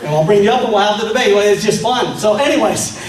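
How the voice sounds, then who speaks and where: Speaking fast in a voice that sits high, a male political speaker whips up a meeting with rhetorical questions in a heated speech. The echoey hall is recorded from far off.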